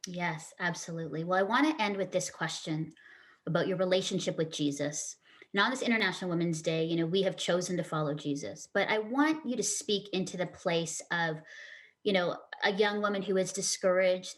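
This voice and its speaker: A woman hosting a faith talk show, asking heartfelt questions and affirming her guests earnestly. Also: mid-range voice. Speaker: host.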